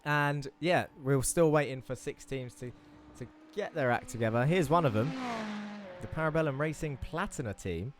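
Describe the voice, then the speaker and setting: A man's voice: mid-range voice, normal speed, slight background noise. A man commentating a sim racing broadcast in a chatty, enthusiastic way, talking viewers through the track turn by turn. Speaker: race commentator.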